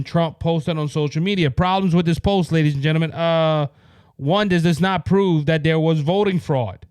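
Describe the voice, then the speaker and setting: A man's voice: on the high side, moderate pace, darkish tone, clear, resonant tone, dry recording. A man with a Cajun Louisiana accent hosting a political commentary podcast, talking in a heated, repetitive way that rises to exasperation. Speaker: podcast host.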